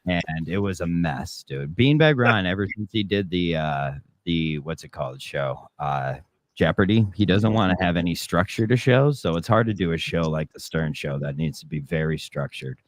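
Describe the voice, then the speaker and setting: A man with a very deep voice that swings widely in pitch, laughing often through loose banter with friends. His sound is dry and close, with no room around it. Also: animated, normal speed, no echo. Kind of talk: casual group chat.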